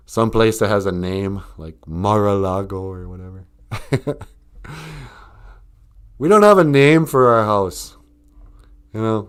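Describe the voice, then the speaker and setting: A man's voice: fairly low pitch, smooth. A man hosting a casual live stream, reading viewer comments aloud and rambling through jokes, laughing often.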